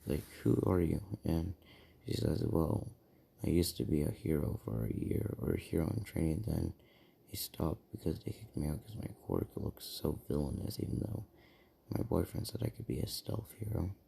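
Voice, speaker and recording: Man, deep voice, gravelly fry, rambling improvised fan story, swears, keeps saying right. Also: moderate pace, mellow. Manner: rambling, loses his place, swears, frequent "right?" tags.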